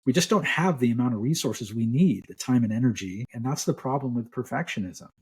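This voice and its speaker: A man's voice: mid-range voice, expressive, brisk, slightly rough. A middle-aged man, a clinical psychologist, explaining ideas relaxedly in a podcast interview.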